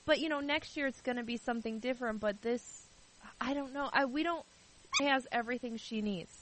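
A woman's voice: a little high, brisk, noisy background. Hesitant woman in casual chat.

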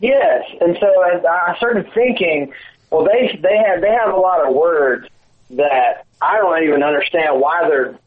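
A man's voice: on the high side, measured pace, husky. A man co-hosting a podcast, asking curious, playful questions in casual banter. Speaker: podcast co-host. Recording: tinny phone-line sound.

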